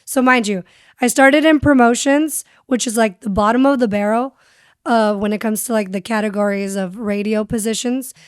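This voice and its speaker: A woman's voice: on the high side, steady tone, moderate pace, clean tone, dry recording, clean studio sound. A young woman speaking as a podcast guest and radio host, telling her story candidly and switching between English and Spanish. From San Diego. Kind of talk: casual interview chat.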